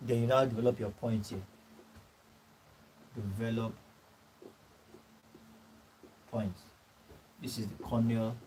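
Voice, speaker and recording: A man with a Nigerian English accent teaching a course class, repeating his points, clearing his throat and checking in with "all right" and "you know". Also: mid-range voice, fairly even intonation, quick pace, warm tone, slight background noise, low-quality recording. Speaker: course tutor. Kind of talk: classroom lecture.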